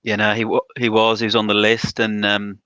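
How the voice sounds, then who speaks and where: A man on a podcast panel, talking in a relaxed way with lots of fillers. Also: fairly low pitch, a little fast, clean tone, dry recording. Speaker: panel pundit. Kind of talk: casual podcast chat.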